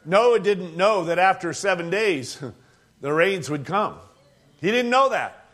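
A man's voice: sits high, lively intonation, slow pace, a bit bright. A man in his sixties preaching a sermon, telling the story in a folksy way with plain country grammar and frequent chuckles. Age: 60s.

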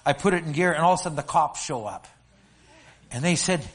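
An older man from Alberta, Canada, preaching a sermon and telling a story with stammering restarts and animated storytelling. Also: fairly high pitch, quick pace. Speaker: pastor.

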